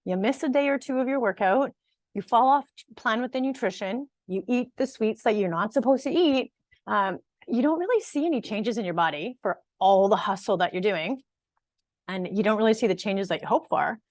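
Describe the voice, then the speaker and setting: A woman's voice: on the high side, lively intonation, normal speed, a little mellow, no echo. Chatty woman coach, dry sound. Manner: conversational, checks in with "right?" and "okay?" often; empathetic and encouraging, with occasional laughs. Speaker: fitness and nutrition coach. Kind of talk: online workshop talk to viewers.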